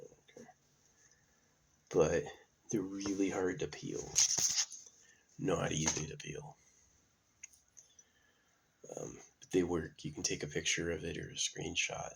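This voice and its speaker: A man's voice: low voice, vocal fry, noisy background. A man talking in a casual, meandering monologue with many fillers and restarts. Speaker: channel host.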